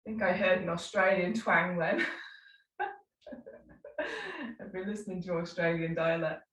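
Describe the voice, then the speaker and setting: A woman teaching a live tai chi class, calmly cueing slow movements with unhurried asides. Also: fairly low pitch. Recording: echoey room, mic at a distance.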